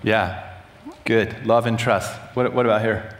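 A man's voice: lowish voice, steady tone, measured pace. A man leading an interactive church teaching session, questioning the audience, repeating their answers and leading prayer. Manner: conversational, asks the room questions, repeats answers back. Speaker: church workshop leader. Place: large hall with audience and box seats. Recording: echoey hall.

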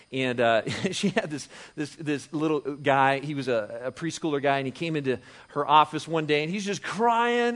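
Pastor, male, high tenor, conversational preacher who swings from quiet to forceful with frequent restarts. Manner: animated, shifts from hushed to loud and emphatic. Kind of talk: sermon.

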